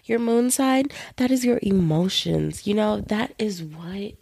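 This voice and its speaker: A woman's voice: mid-range voice, a little slow, gravelly, husky. A young woman hosting her own podcast, talking casually and playfully while feeling a bit unwell. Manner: chatty, playful, animated with voices for roommates. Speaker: podcast host. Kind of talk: casual solo podcast chat.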